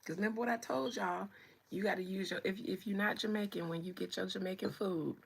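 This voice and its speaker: A woman's voice: mid-range voice, steady tone, a little fast, gravelly, husky. A woman hosting a livestream, chatting playfully with viewers and greeting them by name. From United States. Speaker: livestream host. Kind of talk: casual chat with viewers.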